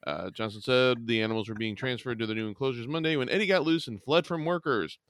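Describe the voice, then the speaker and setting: Joking man with a smooth voice. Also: mid-range voice, quick pace, a bit bright, no room sound, studio quality. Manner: joking, rambling, self-correcting. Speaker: podcast co-host. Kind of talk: casual chat reading odd news.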